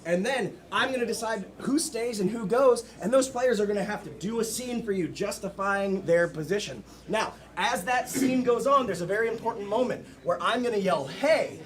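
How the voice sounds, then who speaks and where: A man's voice: high voice, lively intonation, moderate pace, few pauses. A man hosting a live improv comedy show, bantering and joking with the audience from the stage. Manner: upbeat, joking crowd banter. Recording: live room with crowd and noise.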